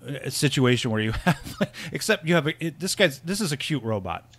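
A man's voice: on the high side, lively intonation, a little fast, fairly bright tone. A man co-hosting a casual film podcast, rambling and laughing often, with many restarts. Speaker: podcast co-host.

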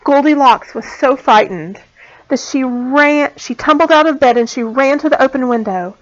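A woman teacher reading a storybook aloud to small children, clear and expressive. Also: high voice, moderate pace. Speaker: pre-K teacher. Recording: dull lo-fi sound.

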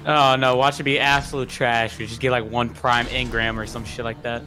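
A man's voice: mid-range voice, little pitch movement, fairly quick, bright, forceful tone. A young man chatting casually with friends while playing a video game, complaining, swearing and laughing as he plays, with game music behind him. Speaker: gamer streaming with friends. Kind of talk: casual gaming chat.

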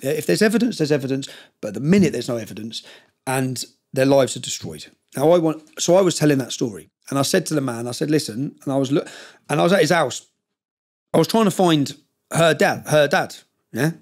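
A man's voice: on the high side, animated, fairly quick. A man, a podcast guest telling a long story in casual conversation, emphatic and fond of tag questions like "yeah?".

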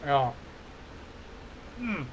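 A man's voice: medium pitch, sing-song, extremely slow, a little hiss or hum, rough recording. A middle-aged man hosting a podcast in casual rambling chat, loose and full of fillers and hums, with the odd swear. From Ontario, Canada. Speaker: podcast host.

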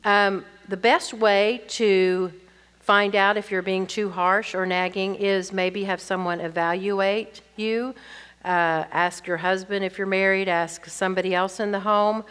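A woman's voice: medium pitch, flat delivery, a little slow, fairly bright tone, smooth. An older woman teaching, reading audience questions aloud and answering them candidly with chatty personal stories. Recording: long reverb from a hall.

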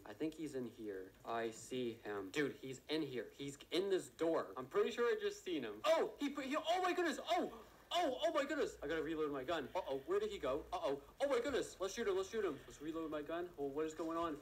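A man giving live commentary on a game he is playing, excitable and gasping often, talking to his viewers and teammates. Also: a little high, fairly quick, hardly any pauses, slight background noise, low-quality recording. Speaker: gaming video creator.

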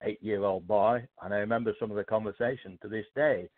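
A man's voice: lowish voice, steady tone. Older man with a British accent on a tinny line. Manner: modest, measured, with hesitant fillers. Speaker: guest author. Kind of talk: storytelling in a casual interview.

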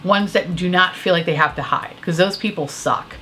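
A woman's voice: lowish voice, moderate pace, bright, forceful tone, a little hiss or hum. A woman vlogger chatting candidly about new makeup, swearing freely and a little tipsy from drinking. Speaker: beauty vlogger reviewing makeup releases. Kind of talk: casual chat.

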